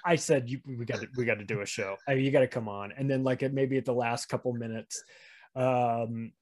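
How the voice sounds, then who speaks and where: A man's voice: medium pitch, brisk. A man chatting on a podcast, telling rambling stories with lots of restarts. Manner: rambling, animated storytelling with frequent restarts. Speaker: podcast guest. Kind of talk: casual podcast chat.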